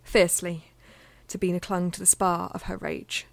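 A woman's voice: lowish voice, flat delivery, vocal fry, dry recording. Woman narrating fiction in a dry, close voice. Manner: measured, intimate reading that dips into near-whispers. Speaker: audiobook narrator.

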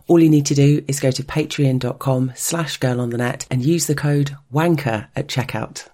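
Male podcast host, plain friendly promo read, mid pitch. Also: moderate pace, darkish tone.

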